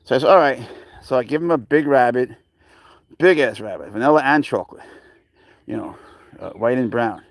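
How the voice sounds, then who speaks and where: A man's voice: medium pitch, expressive, fairly quick, gravelly, pauses often, dry recording. A man casually chatting with viewers on a live stream while walking his pet cat outdoors. He rambles, calls people bro, and his voice jumps up when he coaxes the animal.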